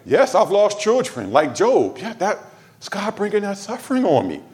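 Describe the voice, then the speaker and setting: A pastor from Los Angeles preaching in church, his somewhat high voice swinging widely up and down. He talks to the congregation in a loose, conversational way, mixing humor and side remarks into the sermon. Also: wildly swooping pitch, measured pace, darkish tone. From Los Angeles, USA.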